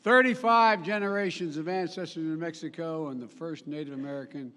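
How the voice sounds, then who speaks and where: An older man giving a formal public speech with folksy asides, often halting and correcting himself mid-sentence. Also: fairly high pitch, sharp tone, a little hiss or hum. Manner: halting, with frequent restarts and self-corrections. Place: large summit venue. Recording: long reverb of a big hall.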